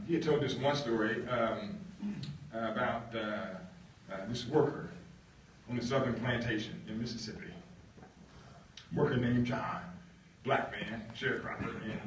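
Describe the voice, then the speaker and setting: A man giving a storytelling talk, halting with fillers and leaning hard on key words, heard from a distance in an echoey room. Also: medium pitch, muffled recording, slight background noise. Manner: halting, with many fillers and emphatic stresses. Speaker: guest speaker.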